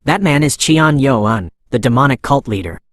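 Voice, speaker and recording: A man narrating a wary, measured male sword master from a recap story. He speaks with guarded caution in a dry, close recording. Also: medium pitch, expressive, no echo, close to an everyday voice.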